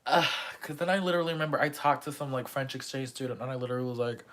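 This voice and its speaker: A young woman vlogging a casual storytime monologue, animated and dramatic, crude and joking. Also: very deep voice, fairly quick.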